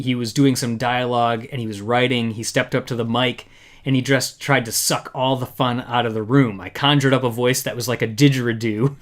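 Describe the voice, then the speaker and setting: A podcast host, a man with a mid-range voice, leads a relaxed live discussion. His delivery is loose and conversational, full of stops and restarts, and he reads quotes aloud in between his own remarks.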